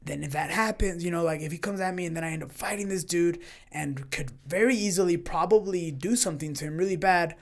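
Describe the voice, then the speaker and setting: A man talks on a podcast as a guest, casually recounting a run-in at his gym. He tells it in a lively way, slipping into the voices of the people he quotes. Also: sits high. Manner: animated storyteller who acts out quoted exchanges. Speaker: podcast guest, jiu-jitsu gym owner and coach.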